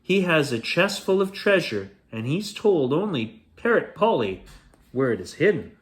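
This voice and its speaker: A man hosting a show, reading a children's bedtime story aloud in a playful, expressive way. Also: on the high side, a little slow.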